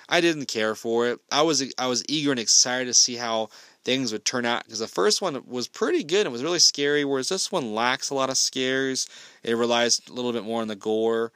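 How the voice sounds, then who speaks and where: A man's voice: medium pitch, pushed and bright, clean tone, no echo. Blunt, foul-mouthed male film reviewer. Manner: blunt, heavily profane ranting. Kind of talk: casual spoken film review.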